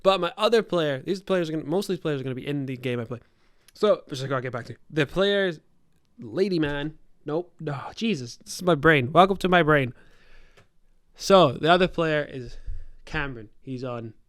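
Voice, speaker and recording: Young man, podcast host, game master, rambling, swearing, self-correcting, smooth clear voice, dry close sound. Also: fairly high pitch, expressive, normal speed, a bit bright, no echo. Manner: rambling, profane storytelling with many self-corrections. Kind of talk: casual podcast chat.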